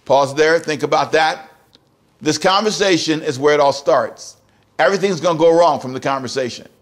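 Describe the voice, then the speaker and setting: Emphatic preaching man, slightly high voice. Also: moderate pace. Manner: emphatic, repetitive preaching with direct questions to the congregation. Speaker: pastor. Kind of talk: sermon.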